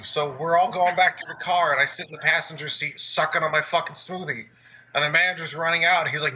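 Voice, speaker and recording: Bright husky young man, rambling storyteller. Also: a little high, steady tone, quick pace, low-quality recording. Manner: rambling, lots of "like" fillers, laughing while telling. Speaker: podcast co-host. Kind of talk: casual storytelling chat.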